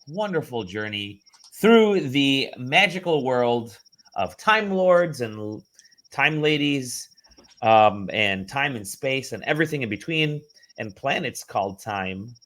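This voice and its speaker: A man's voice: medium pitch, animated, takes it slowly, a bit bright. A man hosting a podcast over a video call, chatty and enthusiastic in his welcomes. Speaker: podcast host. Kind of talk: casual chat.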